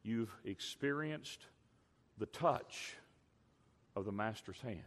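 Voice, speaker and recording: Slow, earnest preacher in an echoing hall. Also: male voice, lowish voice. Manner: slow, earnest, rising to loud auctioneer calls. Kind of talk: sermon with sung poem. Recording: long hall reverb.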